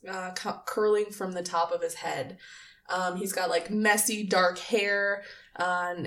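Woman game master rambling through a scene, kinda far from the mic. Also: mid-range voice. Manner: casual, lots of fillers. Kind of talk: narrating a tabletop game.

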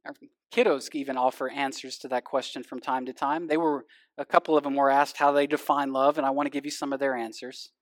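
A man preaching from the pulpit in a church sanctuary, his voice at a middle pitch. He reads scripture steadily, then shifts into an easy, storytelling sermon that speaks directly to the congregation. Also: level tone, brisk, dry recording, studio quality. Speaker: pastor.

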